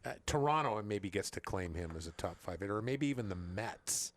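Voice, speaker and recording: A man's voice: fairly low pitch, expressive, fairly quick. A man co-hosting a sports radio show, chatty and anecdotal, with chuckling asides. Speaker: radio co-host.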